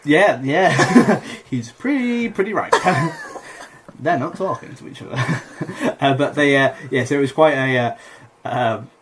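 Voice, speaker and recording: A man's voice: fairly high pitch, lively intonation, takes it slowly, noisy background. A young man, a comedian and podcast co-host, telling a rambling story with lots of fillers and laughter in casual chat.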